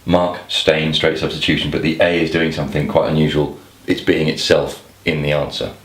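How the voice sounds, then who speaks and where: A man with an extremely low voice walks through crossword clues step by step. He thinks aloud, with small restarts and asides, and he sounds as if he is in an echoey room. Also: little pitch movement, moderate pace. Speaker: crossword tutor. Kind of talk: explanatory lesson to camera.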